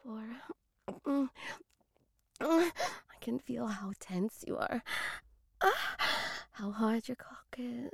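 Breathy, commanding woman in whispered role-play. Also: on the high side, slow pace, pauses often, a little mellow, dry recording, studio quality. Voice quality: breathy, moaning. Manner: dominant, teasing, commanding.

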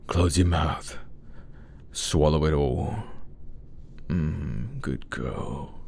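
A man's voice: a bass voice, drawn-out words, creaky, long pauses, darkish tone, breathy edge, dry recording. A young adult man performing an adult audio role-play, speaking close to the mic in a teasing, commanding murmur.

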